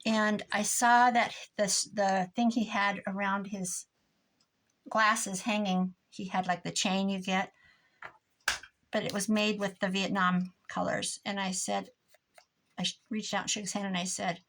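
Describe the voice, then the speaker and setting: A woman's voice: mid-range voice, flat delivery, measured pace, a bit bright. Brief: older woman, chatty crafting vlogger, cranky rambling asides. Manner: chatty, rambling, mock-grumpy. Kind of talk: casual chat while crafting.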